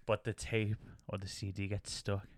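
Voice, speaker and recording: A man's voice: lowish voice, monotone, normal speed, dry recording. A man co-hosting a podcast, chatting casually and retelling a cartoon plot with laughs. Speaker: podcast co-host. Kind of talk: casual chat.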